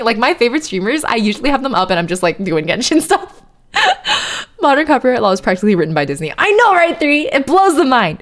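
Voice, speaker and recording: A woman streaming live, chatting casually with her viewers, often laughing and reading their messages aloud. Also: on the high side. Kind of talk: casual chat with live chat readers.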